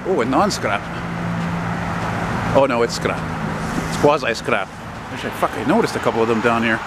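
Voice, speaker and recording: A man's voice: medium pitch, expressive, normal speed. A middle-aged man casually rambling and swearing as he films a walk down a city street. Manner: chatty, swears freely, spots buses and trucks. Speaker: vlogger filming a street walk. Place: outdoors on a city street in winter. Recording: outdoor street noise. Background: traffic and street noise.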